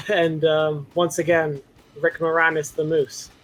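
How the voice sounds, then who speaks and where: Chatty man, slightly higher voice. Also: little pitch movement, unhurried. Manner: chatty, rambling, easily sidetracked. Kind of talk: casual gaming stream chat.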